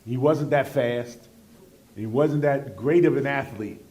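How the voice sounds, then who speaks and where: A man's voice: medium pitch, slow pace, a little mellow. Male ex-player, earnest, thoughtful interview tone. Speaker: former basketball player. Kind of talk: reflective interview answer.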